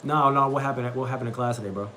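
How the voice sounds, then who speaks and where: A man's voice: medium pitch, fairly even intonation, rapid-fire, bright, forceful tone, slight background noise. A young man hosting a casual livestream, rambling and repeating himself, often saying bro as he talks about a daily Bible reading.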